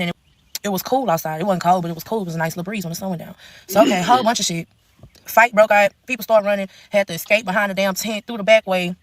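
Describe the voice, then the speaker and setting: A woman's voice: on the low side, dry recording. A young woman telling a blunt, profane storytime into her phone, in long run-on stretches. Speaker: TikTok storyteller. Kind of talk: casual storytime rant.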